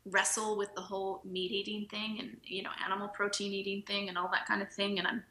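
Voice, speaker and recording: Woman podcast guest, bright forward voice, chatty storyteller, roomy echo. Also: mid-range voice, flat delivery, brisk. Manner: storytelling, laughs often, acts out quoted dialogue. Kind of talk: casual interview storytelling.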